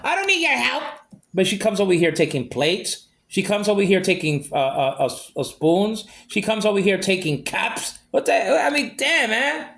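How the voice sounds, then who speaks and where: A man's voice: sits high, vocal fry, a bit bright. A man ranting in a monologue, aggrieved and repeating himself as he vents. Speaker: vlogger.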